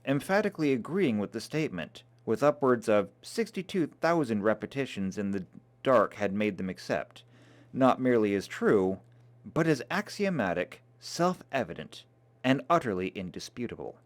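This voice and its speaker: A man reading a novel aloud in a dramatic, expressive way. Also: medium pitch, moderate pace. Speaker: reader.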